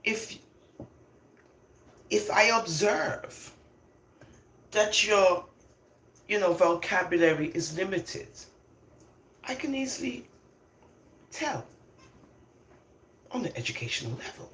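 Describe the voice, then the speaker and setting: Older lady ranting on her vlog, bright lively voice, laughs a lot, echoey room. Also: mid-range voice, slow, pauses often, slight background noise. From London, England. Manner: emphatic, animated, laughs often between points. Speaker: vlogger. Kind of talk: opinionated casual monologue. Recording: roomy echo.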